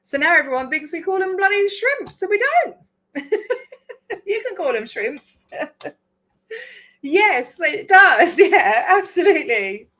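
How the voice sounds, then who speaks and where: A woman's voice: extremely high pitch, sing-song, slow, pauses often, fairly bright tone. A woman with an English accent carrying a slight Australian twang, chatting casually on a live stream, laughing often and swearing casually. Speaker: livestream host.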